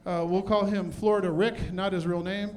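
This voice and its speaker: A man's voice: high-pitched, fairly even intonation, normal speed, darkish tone. A middle-aged man doing a self-deprecating stand-up comedy set on a club stage with a handheld mic. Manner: self-deprecating, punchy delivery.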